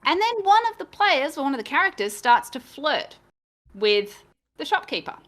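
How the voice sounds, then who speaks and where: Woman, game master, fairly high voice, casual self-deprecating chat. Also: big pitch swings, moderate pace, fairly bright tone. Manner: chatty, self-deprecating, laughs easily. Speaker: game master and podcast co-host.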